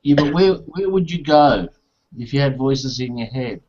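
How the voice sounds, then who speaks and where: A man's voice: animated, normal speed, background noise. A man hosting a casual chat, joking around and rambling through stories, swearing often. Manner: rambling, swearing storyteller, jokey. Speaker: host. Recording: muffled low-fidelity audio.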